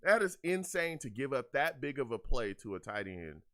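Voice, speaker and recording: A man's voice: mid-range voice, very animated, moderate pace, bright, forceful tone. A young man hosting a live game reaction show, ranting in exasperation, repeating himself, and reading out chat comments. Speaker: fan show host.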